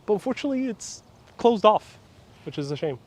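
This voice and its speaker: A man with a fairly high voice, guiding a tour of an outdoor sculpture park. He retells a legend in a casual, lively manner, with his pitch rising and dipping. A small wireless clip-on mic picks him up outdoors. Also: a little fast. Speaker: tour guide host.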